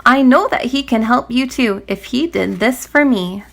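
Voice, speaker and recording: A woman voicing a poor, desperate blind male beggar who cries out his words in a high, pleading voice. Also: normal speed, vocal fry, a bit bright. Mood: joyful.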